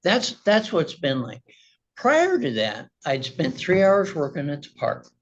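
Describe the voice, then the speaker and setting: A man testifies in a courtroom and tells his story in a worked-up, rambling way, circling back and restarting his sentences. His voice is breathy and husky, and the recording is a little muffled. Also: a little high, wildly swooping pitch, unhurried. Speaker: litigant.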